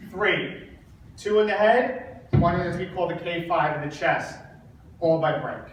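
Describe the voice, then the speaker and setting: A man speaking to an audience and telling an emotional personal story, halting and repeating words while holding back tears. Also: fairly high pitch, a little hiss or hum. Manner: halting, repeats words, acts out quoted dialogue. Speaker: speaker at a coaching event. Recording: very echoey hall, mic far off.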